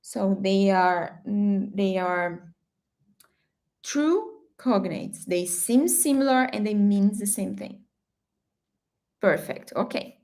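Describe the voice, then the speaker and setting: Woman, language teacher, slow unhurried delivery, patient check-ins. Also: mid-range voice, animated, darkish tone. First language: Portuguese. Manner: patient, checks in with "okay?" often. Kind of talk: language lesson.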